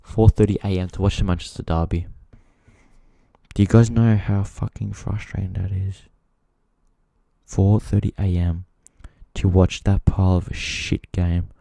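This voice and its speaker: A football channel host speaks low and flat at a measured pace, with vocal fry, frequent pauses, and a mellow tone. Frustrated on his casual live stream, he swears freely and talks straight to viewers. There's no room sound.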